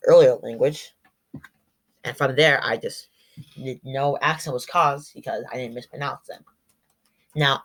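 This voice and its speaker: A man's voice: medium pitch, a bit bright. A teenage boy giving a rambling, informal school presentation, restarting his sentences often. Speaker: student presenter.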